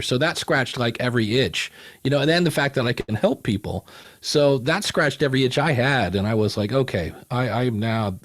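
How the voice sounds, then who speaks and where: A man, a podcasting coach, talking casually as a guest and acting out the voices in his stories with lively energy. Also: mid-range voice. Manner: animated storyteller, acts out quoted voices. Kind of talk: casual interview chat.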